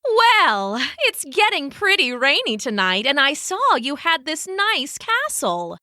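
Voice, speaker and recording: A woman's voice: high voice, huge pitch swings, slow, bright, forceful tone, no echo, studio quality, voice pushed up, heavily acted. Woman doing a chirpy friendly flea. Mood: cheerful. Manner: chirpy, salesy. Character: cheerful friendly female flea.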